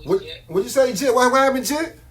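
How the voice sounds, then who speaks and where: A man's voice: very high-pitched, fairly quick, fairly bright tone. Boastful man hyping on a live stream. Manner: boastful, slangy, repetitive hype. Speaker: live-stream jewelry seller. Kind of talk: casual live-stream hype talk.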